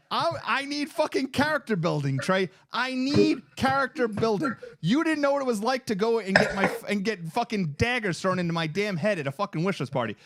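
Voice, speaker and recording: A man in his thirties co-hosting a podcast, telling a story in casual chat, animated and profane. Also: extremely high pitch. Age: 30s. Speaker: podcast co-host.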